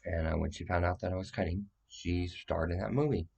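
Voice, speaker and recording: A man's voice: low voice, steady tone, brisk, creaky, darkish tone, breathy edge. A man giving a rambling, profane, agitated monologue that jumps from claim to claim.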